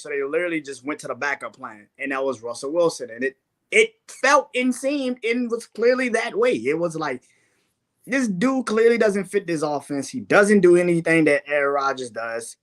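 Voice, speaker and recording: A man's voice: fairly high pitch, fairly bright tone. A young man on a sports show, ranting in casual, profane talk and laughing often.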